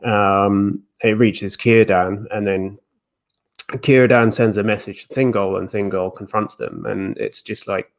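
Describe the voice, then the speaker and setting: Low-voiced man musing with fillers. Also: steady tone, measured pace. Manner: thoughtful, hesitant with fillers, facetious asides. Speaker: guest discussing Tolkien lore. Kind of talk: casual chat.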